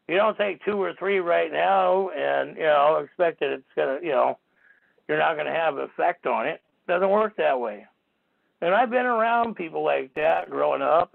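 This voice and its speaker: Indignant gravelly man on a tinny phone line. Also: fairly high pitch. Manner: rambling, indignant, swears casually. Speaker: radio talk show host. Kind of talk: call-in radio monologue.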